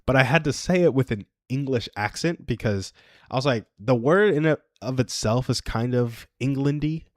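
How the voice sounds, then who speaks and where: A man's voice: mid-range voice, moderate pace, no room sound, studio quality. A man in his twenties hosting a casual solo livestream. He rambles and chuckles at his own stories. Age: 20s. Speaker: livestream host.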